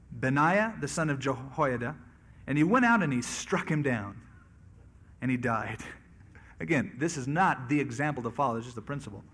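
Conversational male pastor, slightly high voice. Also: a bit bright, breathy edge. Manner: conversational, acts out quoted voices. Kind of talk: expository sermon on scripture.

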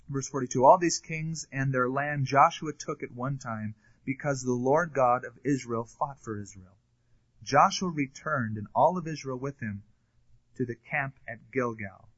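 A man's voice: medium pitch, a bit bright. A man teaching a sermon verse by verse, reading scripture aloud and then commenting on it in a conversational way, with occasional fillers. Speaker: pastor. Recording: dull lo-fi recording.

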